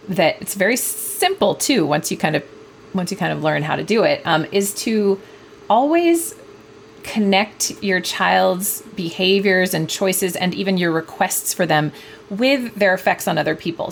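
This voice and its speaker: A woman's voice: on the low side, vocal fry, slight background noise. A mother and author answering interview questions, thinking aloud with many fillers and restarts. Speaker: guest author, parenting expert.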